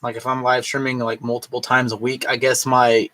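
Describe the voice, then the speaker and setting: A tipsy man in his thirties rambles through a casual vlog, swearing freely and slipping into a higher voice to mimic others. His pitch sits in the middle range for a man. The sound is dry and close, with no room echo. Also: little pitch movement, a little fast, bright, forceful tone. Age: 30s. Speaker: vlogger.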